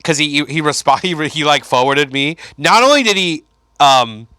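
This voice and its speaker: A young male comedian chatting casually as a podcast guest, telling animated stories and mimicking the people he quotes. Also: on the high side, unhurried, clear, resonant tone, dry recording, studio quality. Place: Chicago.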